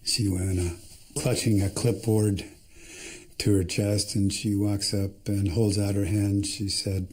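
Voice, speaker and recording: A man with a low, mellow voice tells his survival story for a documentary, plain-spoken, often restarting his sentences. Faint music plays behind him. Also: flat delivery, slow. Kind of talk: documentary testimony.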